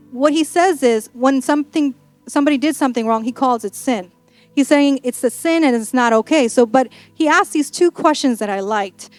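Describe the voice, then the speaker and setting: A woman's voice: high-pitched, moderate pace, a little mellow, no echo, soft background music. A woman pastor preaching a sermon in a church, in a playful, conversational way with acted-out asides.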